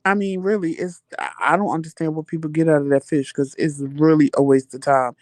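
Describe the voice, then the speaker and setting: Man hosting a loose live chat, slightly high voice, dry close sound, swears freely, animated storyteller. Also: brisk, dry recording. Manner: animated, profane, laughing storyteller. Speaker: livestream chat host. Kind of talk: casual live chat answering viewer comments.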